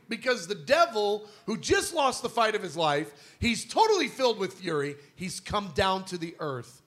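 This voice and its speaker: Animated high-voiced male preacher. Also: moderate pace, few pauses. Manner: animated, conversational, emphatic rhetorical questions. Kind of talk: sermon.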